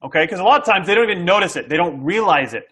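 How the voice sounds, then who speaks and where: Speaking rapid-fire in a high-sitting, animated voice that's sharp and slightly rough, a middle-aged man explains sales tactics to an interviewer. He's a guest SaaS sales coach who energetically acts out buyers and keeps asking "okay?".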